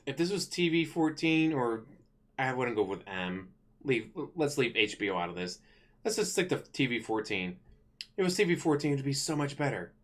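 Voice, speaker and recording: Man, mid-pitch, casual griping vlogger, animated and salty with the swearing. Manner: complaining, animated, swears freely. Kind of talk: casual ranting commentary.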